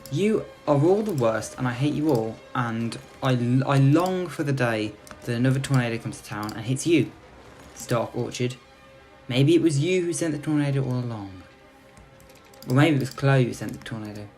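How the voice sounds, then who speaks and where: A man's voice: mid-range voice, normal speed, darkish tone, faint music behind. A young man giving gameplay commentary as host, sarcastically ranting at his in-game citizens like a petty tyrant. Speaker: let's play host.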